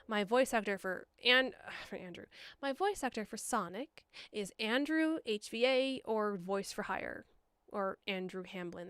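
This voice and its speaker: A woman who produces and directs fan comic dubs, giving a rambling channel update on a livestream, a little hoarse. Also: medium pitch, a bit bright, no echo, clean studio sound. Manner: rambling, with frequent ums and asides. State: slightly hoarse.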